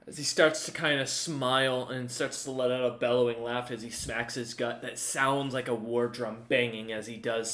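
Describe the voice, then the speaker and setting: A man running a tabletop game as game master, describing scenes in a rambling, halting way. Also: mid-range voice, fairly bright tone. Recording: echoey room.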